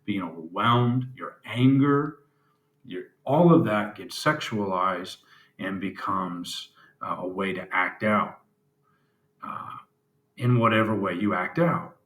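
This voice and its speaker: A man with a fairly low voice talks plainly into the camera in a personal video diary. He is halting and reflective, often pausing with fillers. The room around him gives the recording a noticeable echo. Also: fairly bright tone. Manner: candid, plain-spoken. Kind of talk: personal confessional vlog. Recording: roomy echo.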